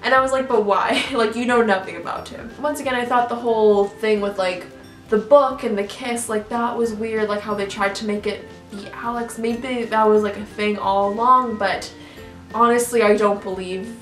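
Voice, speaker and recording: With a fairly high pitch, fairly even intonation, and moderate pace, a young woman YouTuber rambles through a casual reaction rant, leaning on fillers, restarts, and plenty of "like." She's far from the mic in an echoey room with faint music.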